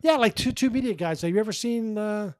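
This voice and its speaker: High-voiced man telling animated stories. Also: brisk, no room sound. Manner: animated storyteller, acts out quoted voices, many restarts. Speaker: podcast co-host, sportswriter. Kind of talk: casual storytelling chat.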